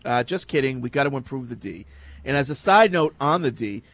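A man co-hosting a casual sports talk show, reading listener emails and giving measured analysis. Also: mid-range voice, lively intonation, fairly bright tone.

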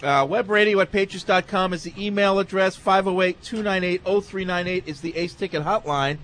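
A man hosting a sports radio show, reading out contact details and taking calls, quick to mock. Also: high voice, a bit bright. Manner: mocking, quick to jab. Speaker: radio host. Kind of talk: casual sports talk radio banter.

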